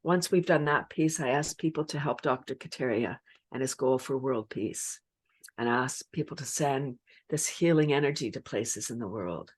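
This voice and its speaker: Low-voiced, lively woman chatting. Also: normal speed, husky. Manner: animated, laughs often, acts out laughter sounds. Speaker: laughter yoga leader and guest. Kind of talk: casual interview chat.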